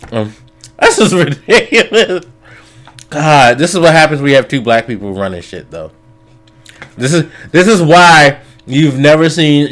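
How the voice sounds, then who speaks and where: A man hosting a casual podcast, ranting in exasperation and swearing freely. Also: mid-range voice. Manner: exasperated, profane rant. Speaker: podcast host.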